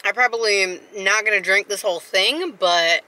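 A woman's voice: mid-range voice, moderate pace, pushed and bright. A woman, chatting casually and rambling to her viewers in a vlog. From South Carolina. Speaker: vlogger.

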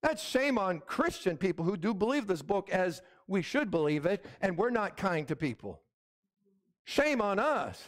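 A man's voice: sits high, very animated, a little slow. A middle-aged man, a pastor preaching an emphatic sermon and calling out "Amen?" to the congregation.

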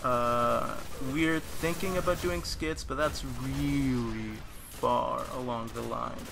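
A man's voice: medium pitch, slow, gravelly, noisy background. A young man hosting a gaming channel, talking casually and jokily over gameplay in a rambling, self-deprecating way.

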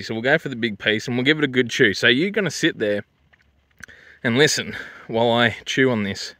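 An Australian man talking through a low-budget review with crude, swearing larrikin banter. His voice is bright and forceful, with a plain middle pitch. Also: dry recording. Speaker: drink and food reviewer. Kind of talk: crude casual vlog commentary.

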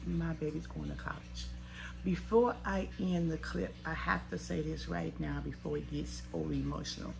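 A woman in her forties records an emotional vlog, speaking in a heartfelt, tearful, chatty way. Her low voice has vocal fry and a normal speed, captured on a noisy handheld recording.

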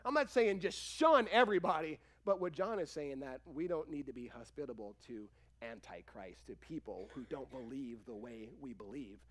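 A man pastor preaching a sermon in a church, animated and acting out quoted voices. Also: mid-range voice, normal speed, hardly any pauses. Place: church sanctuary.

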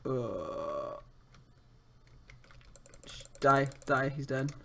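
Young guy gaming w a buddy, bright sharp voice, goofy teasing, keeps yelping. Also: mid-range voice, sing-song, very slow, vocal fry. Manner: joking, teasing, goofy with sudden yelps. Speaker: gaming YouTuber. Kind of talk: casual gaming chat.

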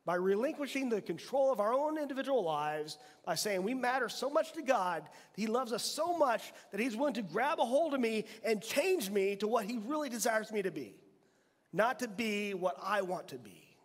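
A man with a notably high voice delivers a lively sermon, coaxing his listeners with question after question. His words ring out with a long tail of reverb from the church hall around him. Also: normal speed. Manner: animated preaching with rhetorical questions. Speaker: pastor. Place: church sanctuary.

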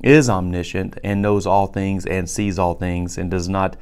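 A man's voice: deep voice, little pitch movement, measured pace, darkish tone, smooth. A man who is a pastor, giving a conversational sermon and explaining scripture as he reads it aloud. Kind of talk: recorded sermon teaching.

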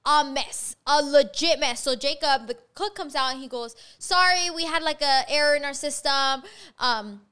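Podcast host: high, bright woman, rapid-fire profane storytelling. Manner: fast, profane, animated storytelling. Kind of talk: casual storytelling chat.

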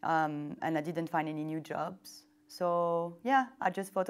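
A woman's voice: low voice, fairly even intonation, unhurried, smooth. A young woman whose first language is not English, telling her story in a hesitant way with many fillers. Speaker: interviewee. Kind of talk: casual personal account. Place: lit indoor interview set. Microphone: wireless lapel mic.

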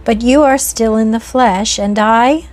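A woman voicing the ghost of a sad, frightened young man, speaking quietly with sighs in an odd, flat way. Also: fairly high pitch, measured pace, faint music behind, natural voice. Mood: sad, haunted.

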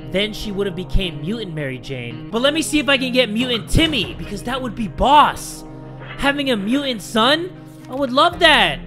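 A young man playing a survival game, reading its text aloud and reacting with excitable, sometimes profane commentary. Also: high voice. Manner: excitable, reads game text aloud, swears, yells at setbacks. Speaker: gaming YouTuber. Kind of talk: let's play commentary.

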